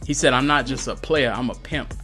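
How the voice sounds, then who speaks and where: A man's voice: a little fast, faint music behind. A man co-hosting a podcast, telling stories in casual chat, laughing often and acting out other people's lines. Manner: animated storyteller, laughing, acts out quotes in a high voice. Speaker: podcast co-host.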